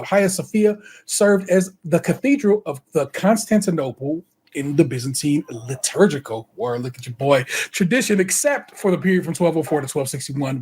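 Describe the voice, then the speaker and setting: Laid-back husky man chatting. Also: on the high side, a little mellow. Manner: laid-back slang-heavy banter, laughs often. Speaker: podcast co-host. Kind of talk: casual chat.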